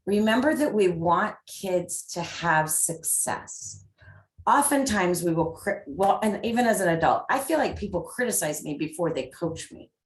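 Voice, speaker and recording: A woman's voice: lowish voice, normal speed. Upbeat woman coaching parents, echoey room. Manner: upbeat, animated with lots of acted examples. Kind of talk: parenting talk.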